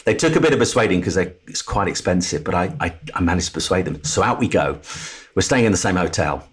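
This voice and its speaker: A man's voice: deep voice, fast, breathy edge. A middle-aged Englishman, a TV presenter and podcast guest, telling his personal story with candour and acting out the voices of others. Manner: animated storyteller who acts out the voices of others.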